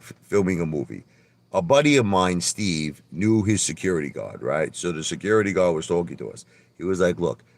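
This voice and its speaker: A man hosting a livestream, telling boastful stories in a brash, animated way, often stammering and repeating his words and swearing a little. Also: sits low, no echo. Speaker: livestream host. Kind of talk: casual livestream monologue.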